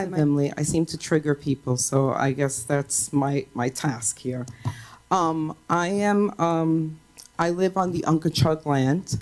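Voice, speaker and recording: A woman's voice: sits low, a little mellow. A woman speaking at a school board meeting's public comment, earnest and pointed, with frequent ums.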